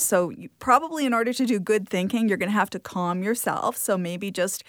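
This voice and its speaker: Calm woman giving parenting advice, dry. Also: medium pitch, fairly quick, hardly any pauses, no room sound. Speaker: guest parenting author. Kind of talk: interview talk.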